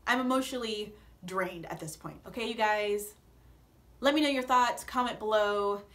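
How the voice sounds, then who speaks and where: A woman's voice: mid-range voice, moderate pace, a bit bright. A young woman vlogging a casual, dramatic recap, acting out her own reactions in a playful way. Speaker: vlogger recapping a reality show.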